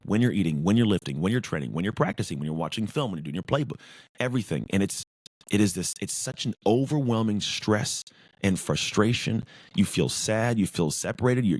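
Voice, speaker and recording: A man's voice: on the low side, no echo, studio quality. A man speaking as a podcast guest, former pro football player, talking intensely and emphatically in repeated lists. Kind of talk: casual interview talk.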